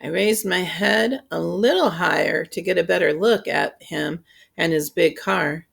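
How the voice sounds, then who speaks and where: A woman reading a children's novel aloud in a steady, unhurried storytelling voice. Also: fairly low pitch, vocal fry, slightly rough. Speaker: audiobook reader. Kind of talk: scripted narration.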